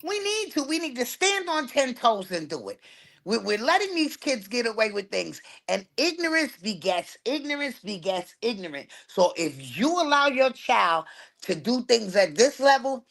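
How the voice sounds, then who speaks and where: A woman's voice: a little high, sing-song, normal speed, gravelly, fairly bright tone. A woman in casual chat, talking emphatically and with a preachy edge.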